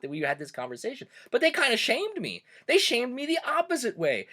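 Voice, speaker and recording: His voice on the high side with a sharp tone, a middle-aged Pennsylvanian with a Pennsylvania Dutch accent hosts a cultural video series. The German teacher keeps things conversational and reflective, with many fillers.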